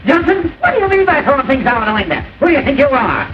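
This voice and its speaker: A self-important sheriff with a high, jumpy voice that swoops around as he blusters and threatens. The sound is dull and lo-fi, with steady hiss from an early sound film. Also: fast. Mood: indignant.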